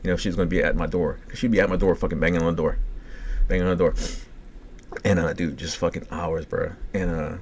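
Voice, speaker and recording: A very deep-voiced Cajun man racing through a profane, meandering personal story. His words tumble out fast in casual podcast chatter. A faint hum of room ambience sits underneath. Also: steady tone. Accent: Cajun English. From Louisiana. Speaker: podcast co-host.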